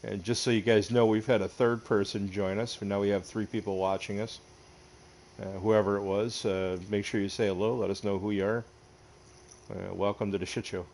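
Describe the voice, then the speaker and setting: A man from upstate New York with a fairly low voice hosts a relaxed gaming livestream. He jokes and laughs with his co-players, greets the viewers and talks loosely into his mic. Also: moderate pace, vocal fry, slight background noise. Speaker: livestream host. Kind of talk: casual gaming livestream chat.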